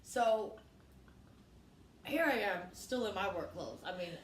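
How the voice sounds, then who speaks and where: A woman's voice: mid-range voice, lively intonation, takes it slowly. A woman comedian telling a wild family story in casual chat, brash and profane, acting out the quotes. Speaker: comedian guest. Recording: echoey room with faint noise.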